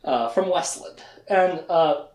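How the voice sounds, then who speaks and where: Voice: medium pitch, expressive, slow, darkish tone, roomy sound. A podcast host giving a casual, chatty recap of a fantasy novel with laughing asides.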